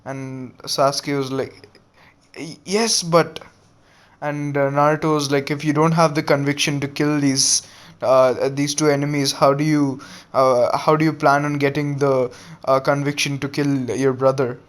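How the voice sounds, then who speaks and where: Young guy telling a fan story, lots of uhs, monotone, smooth clear voice. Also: mid-range voice. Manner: many fillers, flat unhurried telling. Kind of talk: casual spoken retelling of a fan story.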